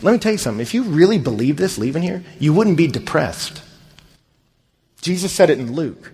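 Husky-voiced man preaching animatedly. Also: a little high, brisk. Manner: animated, acts out quoted voices. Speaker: pastor. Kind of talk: sermon with storytelling.

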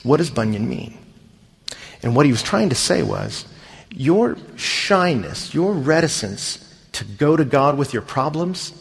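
A man's voice: fairly high pitch, measured pace, slightly rough. A man preaching a sermon, telling stories and acting out the voices of the people in them. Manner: animated, acts out quoted voices. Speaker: pastor. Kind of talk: sermon with storytelling.

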